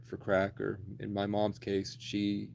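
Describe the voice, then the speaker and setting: A young man in his twenties talks on and on in a low, flat voice. He swears freely and bluntly as he rambles through a story. A faint ambient hum sits underneath. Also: slow, creaky. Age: 20s. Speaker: livestreamer.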